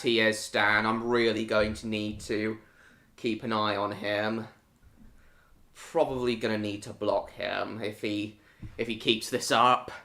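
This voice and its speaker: A man's voice: on the low side, bright, forceful tone. A British man hosting a casual live stream, greeting viewers by name and answering chat comments in short, broken phrases.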